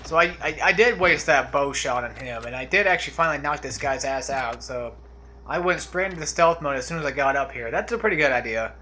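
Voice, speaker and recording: A let's play commentator gives laid-back, rambling commentary over a video game playthrough, wandering onto tangents and trailing off into mumbles. His mid-range voice is brisk and sharp-toned with lively intonation, and there's a little hiss or hum in the recording.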